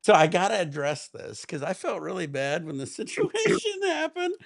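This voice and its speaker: A man chatting on a livestream, telling quick, profane stories. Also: high voice, big pitch swings, vocal fry, dry recording, clean studio sound. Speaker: stream co-host. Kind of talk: casual chat.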